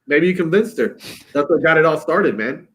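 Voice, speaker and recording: A man's voice: on the high side, lively intonation, moderate pace, a bit bright. Curious man bantering in casual chat. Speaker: podcast co-host.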